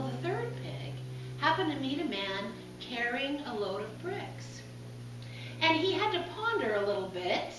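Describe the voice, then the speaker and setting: A woman's voice: sits high, noisy background. A woman preacher telling a folk tale during a sermon in an easy, folksy storyteller manner. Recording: echoey hall, from far off.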